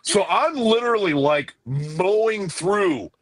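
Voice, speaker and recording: A man co-hosting a podcast, telling a rambling, excited story full of quoted back-and-forth. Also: high voice, takes it slowly, a crowd in the background. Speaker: podcast co-host. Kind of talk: casual chat, animated storytelling.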